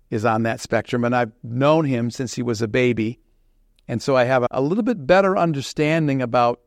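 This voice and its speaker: A man who writes fiction, giving an informal talk on the writing craft in an unhurried, conversational way. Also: mid-range voice, vocal fry, no echo, clean studio sound. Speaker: fiction author.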